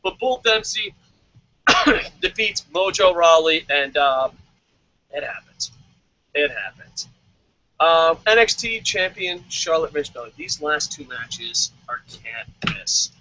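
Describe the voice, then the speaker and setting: A man hosting a wrestling review show, ranting loudly with constant swearing and mocking voices. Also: a little high, expressive, slow, dull audio. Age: adult, calls himself old. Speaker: wrestling vlog host. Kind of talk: profane comedic rant. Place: lives in Tokyo.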